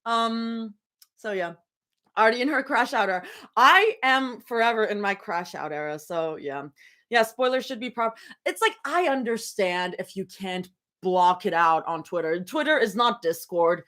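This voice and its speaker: Before she reads fan fiction, a young woman livestreaming from her bedroom rambles casually at normal speed in a mid-range voice. She giggles a lot and sometimes bursts into excited yelling.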